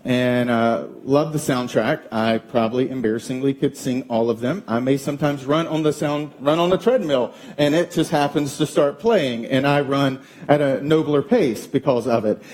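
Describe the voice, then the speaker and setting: A man in his thirties preaching a sermon as pastor, telling a family story with animated, acted-out quotes. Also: medium pitch, normal speed, hardly any pauses. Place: church auditorium.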